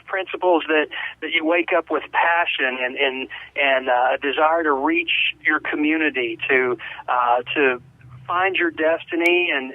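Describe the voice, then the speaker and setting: A man hosting a radio talk show, chatty and rambling, still a little stuffy from a sinus infection. His voice sits a bit high for a man. The sound is thin and phone-like, very dry with no room at all. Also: no room sound. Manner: chatty, rambling, repeats words. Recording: phone-quality radio audio.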